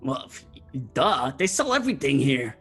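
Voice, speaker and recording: A man runs a tabletop game, narrating scenes in a loose, rambling way with plenty of "like" and "um". His voice sits at an ordinary middle pitch, and faint music plays behind him. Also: sing-song, normal speed, a bit bright, husky. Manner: rambling, full of fillers and likes. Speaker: game master.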